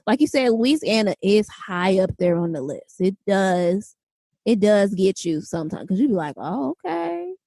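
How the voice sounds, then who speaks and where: Mellow-voiced woman in casual podcast chat. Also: mid-range voice, normal speed, dry recording. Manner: chatty, lots of fillers and 'like'. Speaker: podcast co-host.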